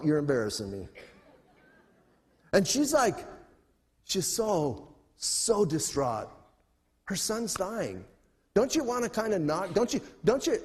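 A middle-aged male pastor preaching a sermon in an animated, conversational way with humor. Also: high-pitched, big-room sound.

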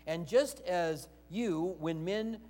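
This pastor's voice sits high and a little mellow, and he speaks at a slow pace in a large hall. His sermon is conversational, mixing scripture read aloud with rhetorical questions aimed at the congregation.

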